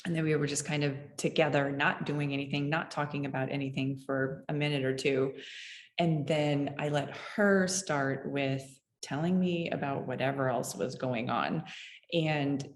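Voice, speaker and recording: A woman's voice: very deep voice, steady tone, moderate pace, slight background noise. Candid woman telling a parenting story. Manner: candid and musing, often chuckling at herself. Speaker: parenting podcast host. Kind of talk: reflective personal storytelling. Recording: roomy echo.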